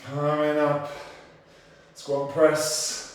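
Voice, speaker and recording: A man coaching an online workout class, counting down intervals and cueing form while out of breath, in an energetic, encouraging way. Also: on the high side, very slow, distant mic. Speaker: fitness instructor. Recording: very echoey room, off-mic, faint noise.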